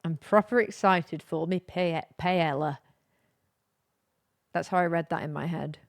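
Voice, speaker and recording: A woman's voice: fairly low pitch, brisk, vocal fry, no room sound, studio quality. A young woman chatting casually on a live stream, rambling and giggly.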